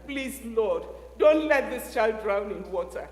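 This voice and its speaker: A woman's voice: mid-range voice, big pitch swings, normal speed, echoey room, in a large hall, voice pushed down, natural voice. A woman preacher voicing an anxious Hebrew mother who pleads with God for her baby. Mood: pleading prayer.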